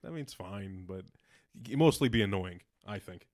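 A man's voice: low-pitched, animated, normal speed, a little mellow, no echo, clean studio sound. A man co-hosting a casual podcast chat, laid-back and giving brief replies.

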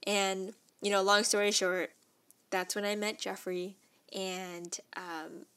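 A young adult woman telling a personal story in a casual, animated way, with lots of "like" and quick laughs. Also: mid-range voice, smooth. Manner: animated and emotional, heavy use of "like", frequent laughs.

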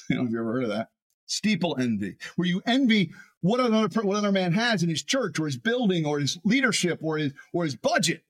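A man, a pastor, preaching a sermon in an animated way, often repeating words as he builds a point. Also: high voice, quick pace.

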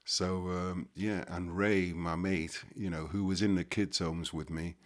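An older man with a Liverpool accent, telling a personal story as a podcast guest, halting with many fillers and restarts. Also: deep voice, level tone. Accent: Liverpool (Scouse). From Liverpool, England. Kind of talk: casual recollection.

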